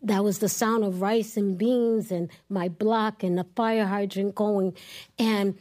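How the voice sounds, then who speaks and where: A woman's voice: mid-range voice, slow. A middle-aged woman, telling stories in casual chat on a live show. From New York City. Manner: animated storyteller, acts out quotes. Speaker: podcast host guest.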